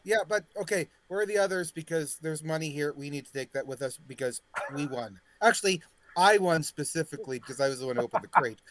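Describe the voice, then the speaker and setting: A man playing a tabletop game, speaking in character loudly and with exasperation, swearing freely. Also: on the high side, lively intonation, fast talker, a little hiss or hum. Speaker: player. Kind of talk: casual tabletop role-play.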